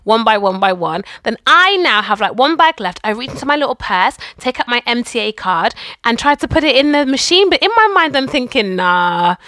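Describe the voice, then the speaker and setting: A woman's voice: fairly high pitch, fairly quick, hardly any pauses, dry recording. A woman telling a travel story in casual chat, acting out the people she quotes. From England. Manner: animated, acts out quoted voices.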